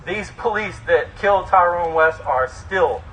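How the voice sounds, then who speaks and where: A man who is a local government official speaks at an outdoor protest rally, halting and searching for words. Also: sits high, animated, fairly bright tone, soft background music, poor audio. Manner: hesitant, halting with fillers.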